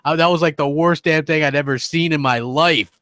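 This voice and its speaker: A man's voice: fairly high pitch, brisk, fairly bright tone, no room sound, clean studio sound. A man co-hosting a casual gaming podcast, blunt and sarcastic, swearing often. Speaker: podcast co-host.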